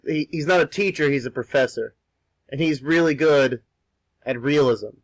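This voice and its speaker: A man's voice: on the high side, moderate pace, no room sound, rough recording. A young man chatting casually while he draws, rambling and repeating words and swearing offhandedly. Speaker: art streamer. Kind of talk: casual talk while drawing.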